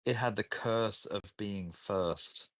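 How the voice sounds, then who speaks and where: A man chatting casually as a co-host, rambling with lots of "like" and quick agreement. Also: fairly low pitch, fairly bright tone, no echo. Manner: rambling, filler-heavy, agreeable. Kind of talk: casual chat.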